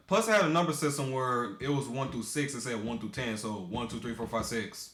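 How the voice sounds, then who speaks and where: A man's voice: mid-range voice, brisk, few pauses, a bit bright. A young man from the United States, rambling casually in commentary, often stumbling and correcting himself mid-sentence. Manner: rambling, self-correcting, stumbling over words. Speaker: video maker. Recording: echoey room.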